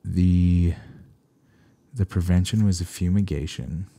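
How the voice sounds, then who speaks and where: A man from Canada, a veterinarian hosting a solo podcast, talking casually with animated, sarcastic asides. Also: deep voice, slow, vocal fry, no room sound.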